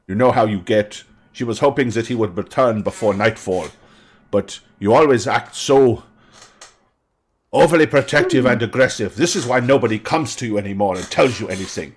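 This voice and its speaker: A man's voice: on the low side, husky. Blunt strong man, firm, lecturing, voiced by a man. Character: strong, blunt man defending his wife.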